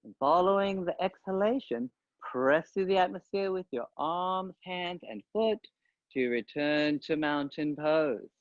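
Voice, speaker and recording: Male yoga teacher, fairly high voice, calm and paced guided instruction on a dull, lo-fi track. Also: no room sound. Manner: calm, unhurried cueing with pauses. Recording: dull, dry lo-fi sound.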